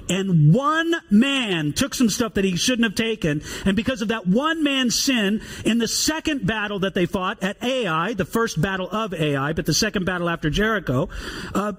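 A man preaching a sermon, reading scripture aloud and explaining it in an animated way. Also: high voice. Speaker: pastor.

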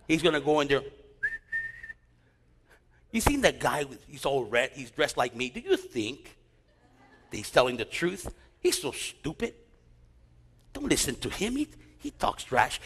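A man preaching a sermon as pastor, telling stories and quoting scripture in an animated way. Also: fairly high pitch, breathy edge. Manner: animated preaching with storytelling asides. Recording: long hall reverb.

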